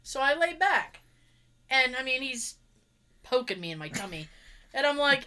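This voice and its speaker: A woman's voice: high-pitched, measured pace, long pauses. A young woman casually telling a funny story, sarcastic and acting out the quoted lines. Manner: sarcastic, animated, acts out quotes. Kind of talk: casual chat, telling an anecdote.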